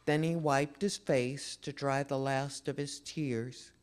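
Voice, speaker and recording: A reader at a memorial service, reading a children's story aloud in a slow, expressive way. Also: mid-range voice.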